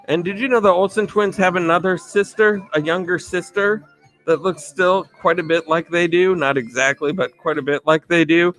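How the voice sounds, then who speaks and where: A man's voice: sits high, steady tone, moderate pace, soft background music. Upbeat, slightly tipsy male streamer. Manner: upbeat, rambling shout-outs to viewers. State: a bit tipsy. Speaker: livestream host. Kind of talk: casual live-stream chat.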